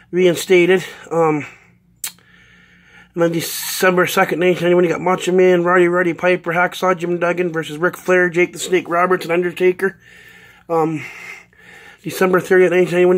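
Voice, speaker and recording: A man from Canada in a casual unboxing vlog, reading out a long list with many ums. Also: fairly high pitch. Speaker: vlogger.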